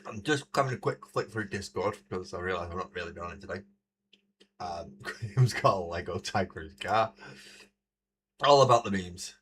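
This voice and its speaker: A man's voice: low voice, moderate pace, long pauses, a bit bright, slight background noise. A man hosting a casual livestream, chatting and laughing often as he paints miniatures at a desk mic. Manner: chatty, laughs often, reads out chat messages. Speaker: livestream host. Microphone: desk mic, moved close to the face.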